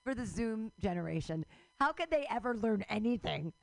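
A middle-aged woman doing a rambling stand-up comedy set at a live show, breaking into loud outbursts and laughing at her own jokes. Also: a little high, expressive, normal speed, gravelly, no echo.

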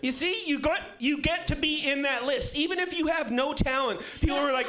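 A man's voice: very high voice, brisk, hardly any pauses, bright, forceful tone. A man in his twenties doing a rambling, profane, self-mocking stand-up routine. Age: 20s. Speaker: stand-up comedian.

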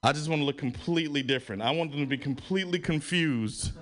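A man on stage doing stand-up in a radio studio. His voice sits a little high and jumps even higher when he gets worked up. He swears freely and talks in an animated way. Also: fast. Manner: animated, swearing, rising to a high-pitched exclaim. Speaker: stand-up comedian. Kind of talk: stand-up comedy set. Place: radio studio hosting a live comedy show.

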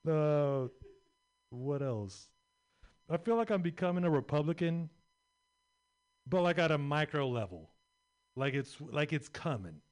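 A man's voice: fairly high pitch, expressive, unhurried, long pauses. A young adult man doing a stand-up set, rambling and crude with lots of filler words. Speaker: stand-up comedian.

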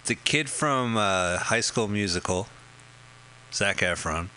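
A man's voice: fairly low pitch, lively intonation, slow pace, bright, forceful tone, slight background noise, rough recording. A man co-hosting a comedy podcast, joking and riffing on a film while trying out silly impressions. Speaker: podcast co-host. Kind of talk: comedic riffing over a movie.

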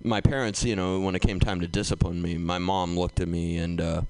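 A man's voice: sits low, flat delivery, a little fast, darkish tone, smooth, no room sound. A man hosting a comedy show and telling a stand-up story in a loose way, with lots of fillers. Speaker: comedy show host and comic.

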